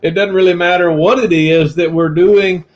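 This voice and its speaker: A man's voice: high-pitched, fairly even intonation, moderate pace. A man co-hosting a reselling livestream, talking in an earnest, encouraging, slightly preachy way. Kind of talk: casual livestream chat. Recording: dull lo-fi stream audio.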